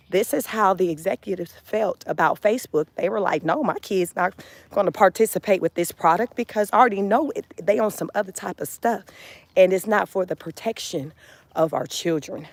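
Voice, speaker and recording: A woman's voice: mid-range voice, no room sound. Chatty woman doing live commentary. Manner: animated, chatty, addresses viewers as y'all. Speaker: commentary vlogger. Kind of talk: casual live-stream commentary.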